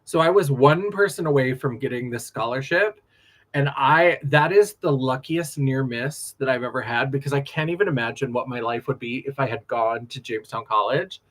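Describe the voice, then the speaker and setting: A man, a drag performer, chatting casually on a late-night livestream, animated, laughing often and drifting from story to story. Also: mid-range voice, normal speed.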